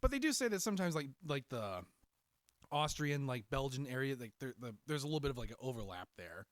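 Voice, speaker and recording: A man co-hosting a podcast in casual chat, telling stories in an animated way and laughing often. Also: mid-range voice, fast, no room sound. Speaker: podcast co-host.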